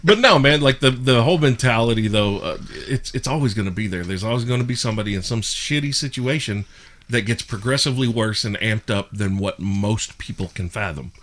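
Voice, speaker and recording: A man hosting a podcast and telling stories in casual chat, animated and full of swearing. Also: mid-range voice, fairly quick. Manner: profane, animated storyteller. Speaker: podcast host.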